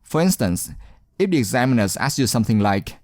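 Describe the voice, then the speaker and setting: A male teacher narrates a speaking lesson with an animated, rising and falling voice. He sounds encouraging and deliberate and leans on key words. His voice is close and dry, with no room around it. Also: mid-range voice, no echo. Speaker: English exam teacher. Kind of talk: scripted instructional narration.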